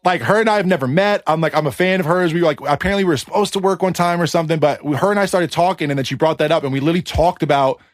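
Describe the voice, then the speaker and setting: Podcast guest, man in his thirties; slightly high voice, dry close sound, lively storyteller. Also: dry recording. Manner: animated, chatty anecdotes with quick asides. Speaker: guest, music producer.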